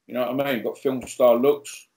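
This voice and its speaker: Jokey pastor with roomy echo. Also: male voice, mid-range voice, moderate pace. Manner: lively, jokey, acts out quoted dialogue. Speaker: pastor, podcast guest. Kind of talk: humorous storytelling.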